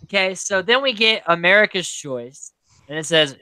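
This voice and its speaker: A man with a bright, forward voice hosts a casual podcast chat, retelling reality-show moments with animated energy. The sound is close and dry, with no room around it. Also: high-pitched, normal speed, smooth, no room sound, low-quality recording. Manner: animated, quotes people in put-on voices. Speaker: podcast host.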